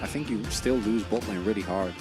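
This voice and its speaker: A man with a Dutch accent co-commentating an esports match in jokey, animated banter. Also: fairly low pitch, brisk, over music. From Netherlands.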